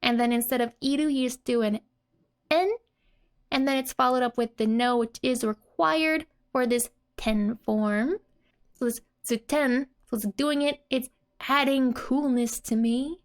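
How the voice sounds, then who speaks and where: A young woman explains a language lesson in a relaxed, casual way and laughs often as she goes. She speaks slowly and deliberately. Her voice sits a little higher than average. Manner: giggles often between explanations. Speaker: language teacher.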